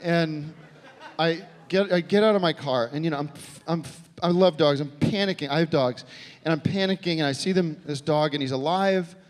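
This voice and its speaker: An American man doing a stand-up comedy set on a theater stage, talking in a halting, deadpan way full of restarts. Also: a little high. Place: theater stage before a live audience. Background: audience laughter.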